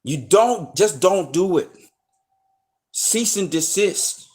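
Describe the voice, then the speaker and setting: Taking his time, a man with a high, expressive, slightly mellow voice and a breathy edge rants unscripted to his viewers as an online commentator. He warns and lectures them bluntly, swearing heavily in emphatic slang as he grows heated.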